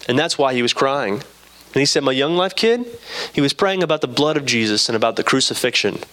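Young male preacher, relaxed storyteller, mid-pitched voice, acts out the dialogue. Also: brisk. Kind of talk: sermon with personal story.

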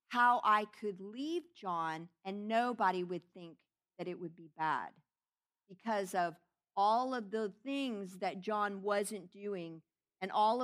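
A woman's voice: medium pitch, a bit bright. A middle-aged woman preaching a sermon, giving an emotional testimony that swells into fervent preaching.

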